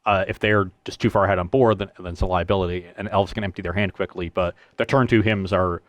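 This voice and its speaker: A man co-hosting a casual chat, talking in a measured, thoughtful, hesitant way. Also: sits low, fairly even intonation, no echo. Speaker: co-host. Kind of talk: casual post-match chat.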